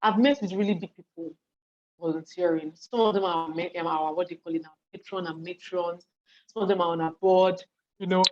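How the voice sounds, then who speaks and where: A Nigerian woman giving a lively, conversational online talk from her home study, often checking that her listeners are following, while hungry and yawning. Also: on the low side, brisk. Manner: lively and conversational, acts out what people say, asks listeners if they follow. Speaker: speaker on leadership and volunteering. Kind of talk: live online talk to an audience in a chat. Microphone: video call. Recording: dull lo-fi call audio.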